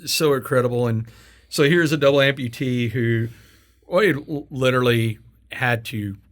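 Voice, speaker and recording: A man hosting an interview, telling stories in a casual, animated way, laughing and swearing as he goes. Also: medium pitch, normal speed. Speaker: podcast host.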